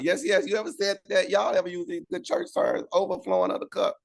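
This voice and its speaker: A man's voice: high-pitched, wildly swooping pitch, brisk, vocal fry. A man teaching an informal Bible study on a video call, talking conversationally and asking "right?" again and again. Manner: conversational, repeats "right?" for agreement.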